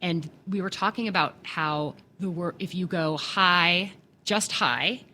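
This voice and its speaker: A woman's voice: on the low side, a little slow, pushed and bright. A woman in her forties hosting an interview, chatty and thinking aloud as she talks. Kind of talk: conversational interview.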